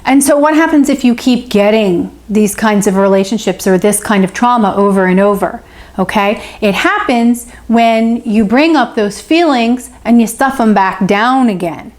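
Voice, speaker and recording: A woman's voice: a little high, moderate pace. A woman hosting a spiritual self-help channel, teaching to camera in an encouraging way that keeps checking in with "okay?" and repeats phrases for emphasis. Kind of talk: teaching to camera, answering a viewer.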